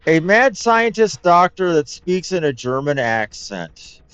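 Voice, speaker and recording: A man's voice: on the high side, big pitch swings, unhurried, fairly bright tone, clear, resonant tone, no room sound. A man hosting a let's play, giving chatty, wry commentary full of rambling asides. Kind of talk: casual gameplay commentary. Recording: dull lo-fi mic with game music.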